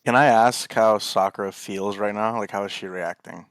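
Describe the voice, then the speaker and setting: Lower-voiced man asking questions. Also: normal speed. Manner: asks many questions. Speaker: player.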